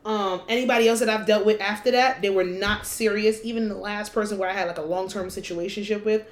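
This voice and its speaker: A woman's voice: medium pitch, fairly even intonation, fast talker. Woman, podcast co-host, casual chat, blunt, frank, swears freely, echoey room. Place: room with window open.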